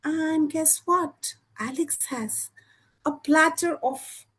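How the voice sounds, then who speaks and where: A woman telling a lively children's story at a storytelling evening, with expressive voices and sound effects. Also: high-pitched, slow pace. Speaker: storytelling student. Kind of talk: live storytelling performance for children.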